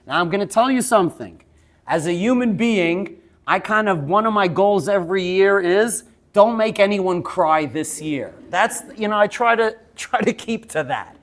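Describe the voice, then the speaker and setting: A male teacher lecturing students. He tells lively stories, laughs as he goes and keeps checking in with "yes?". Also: high voice, moderate pace. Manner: laughs while telling stories.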